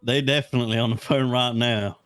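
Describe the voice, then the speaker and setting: A man's voice: mid-range voice, fairly even intonation, fairly quick, a bit bright, clean tone, dry recording. A man playing a deputy in a role-play game, rambling and mocking, with lots of "you know" and "like". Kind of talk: in-character role-play chat.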